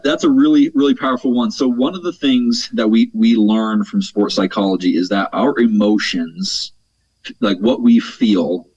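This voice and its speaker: Brief: male coach guest, low husky voice, earnest explainer who keeps checking in with "right?", dull dry recording. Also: darkish tone, no echo. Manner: earnest, explains at length, tags points with "right?"; repeats words while thinking. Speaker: mental performance coach, guest. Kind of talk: conversational podcast interview.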